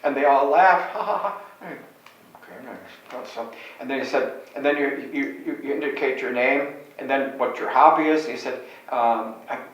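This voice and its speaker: Older priest telling stories in an echoey room. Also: male voice, mid-range voice, normal speed, fairly bright tone, dull audio. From Chicago, USA. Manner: meandering, self-correcting storyteller. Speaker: Catholic priest. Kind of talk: reminiscing anecdotes. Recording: very echoey room, distant mic.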